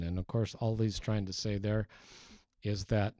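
A man's voice: fairly low pitch, little pitch movement, a little slow, warm tone, no room sound, lo-fi sound. A man preaching a sermon, teaching earnestly with emphatic rises and frequent restarts. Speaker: pastor.

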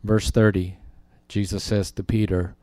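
A man's voice: fairly low pitch, little pitch movement, measured pace, dark tone, no echo. A male pastor preaching a sermon in a conversational way, with emphatic asides as he reads and explains scripture.

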